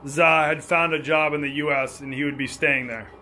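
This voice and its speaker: A man's voice: a little high, fairly even intonation, fairly quick, sharp tone, a little hiss or hum. A man hosting a travel vlog, joking and teasing his companions in casual chat.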